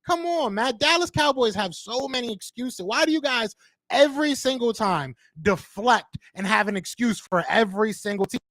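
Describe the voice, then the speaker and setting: A man with a high voice argues sports in a heated, insistent way, repeating himself to hold the floor. The sound is close and dry, with no room around it. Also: animated, moderate pace, fairly bright tone, dry recording. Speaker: podcast co-host.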